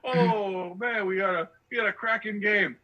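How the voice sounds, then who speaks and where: A man's voice: sits high, steady tone, moderate pace, muffled recording, pitched above the performer's own voice. A man mocking a friend by voicing an exaggerated Australian bloke with a fake accent, in a sing-song tone.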